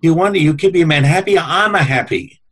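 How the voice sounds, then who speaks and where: A stout old Italian grandmother in her seventies, as a man puts her on, speaking in a thick put-on Italian accent and broken English. She is blunt and earthy and repeats herself for emphasis, in a voice pitched fairly high for a man. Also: lively intonation, moderate pace, a bit bright. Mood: emphatic. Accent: put-on Italian-English broken speech. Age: older.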